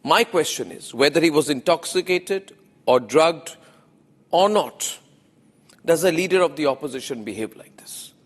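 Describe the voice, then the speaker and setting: A man's voice: a little high, lively intonation, normal speed, long reverb tail. A man with an Indian English accent, delivering an opinionated TV news monologue as anchor, emphatic and repeating phrases for effect.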